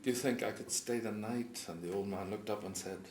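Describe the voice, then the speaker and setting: A man telling a folk tale to a live audience, chuckling often and dropping into quiet voices for the characters. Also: on the low side, a little fast, slight background noise. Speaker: storyteller. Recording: roomy live recording with audience.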